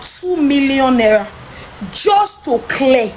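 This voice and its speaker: A high-pitched Nigerian woman tells her story with mounting exasperation, switching into Pidgin voices to mimic the people she dealt with. A faint ambient hiss sits under her voice. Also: lively intonation, moderate pace. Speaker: trader telling of lost goods. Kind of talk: animated personal storytelling.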